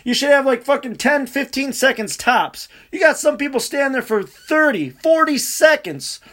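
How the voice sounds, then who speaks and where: A man telling a rambling, profane, animated story in casual chat. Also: very high-pitched, normal speed.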